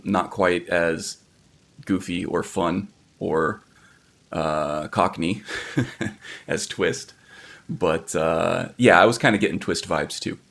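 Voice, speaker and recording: Low, gravelly-voiced male game streamer. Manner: rambling, self-correcting, lots of ums. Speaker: livestreamer playing a game. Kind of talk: casual game commentary.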